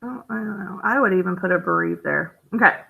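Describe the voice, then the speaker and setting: With a lowish, fairly quick voice marked by vocal fry, a woman leads a phonics lesson for young children over narrow, tinny audio. She encourages them, thinks aloud while coding words, and gasps delightedly at every new rule.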